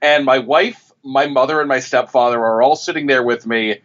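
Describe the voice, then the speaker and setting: A man's voice: medium pitch, fairly even intonation, normal speed, fairly bright tone. Rambling male critic, muffled sound. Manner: rambling, with frequent restarts and self-corrections. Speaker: television critic and author. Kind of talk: interview guest, storytelling.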